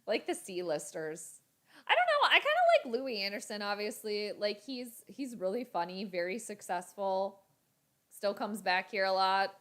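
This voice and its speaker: A young adult woman hosting a casual live reaction stream, chatting with viewers, reading their comments aloud and breaking into bursts of excitement at the game. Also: mid-range voice, measured pace.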